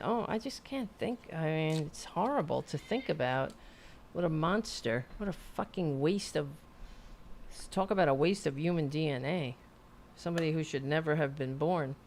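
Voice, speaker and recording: A woman hosts a live stream and signs off with loose, rambling chat, swearing now and then. Her voice is low-pitched, with a slight hiss or hum in the audio.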